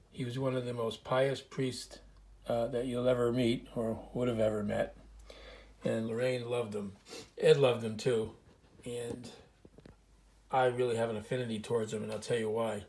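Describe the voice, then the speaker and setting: Man, mid-pitched, earnest, rambling anecdotes, clears throat often, small indoor room. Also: a little mellow. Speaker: museum curator telling stories. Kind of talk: casual storytelling to camera.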